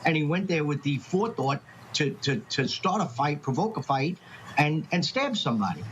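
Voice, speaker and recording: A man commenting on a news panel, halting and restarting as he argues his point. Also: fairly high pitch, very animated, fairly bright tone, highs cut off, a little hiss or hum.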